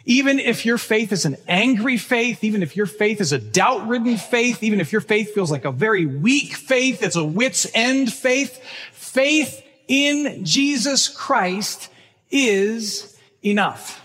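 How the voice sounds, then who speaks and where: A man preaching a sermon as pastor, earnest and emphatic, slowing down to stress key phrases. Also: high-pitched, lively intonation, a bit bright, breathy edge. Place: church sanctuary. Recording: long church reverb.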